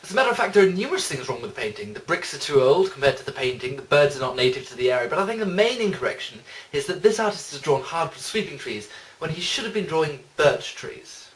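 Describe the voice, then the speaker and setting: A smug, sarcastic detective, voiced by a man in a fan parody audio drama. His voice sits a bit high and sounds a little distant from the mic. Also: sing-song, quick pace, hardly any pauses. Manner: dry, sarcastic. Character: smug, aloof adult male detective.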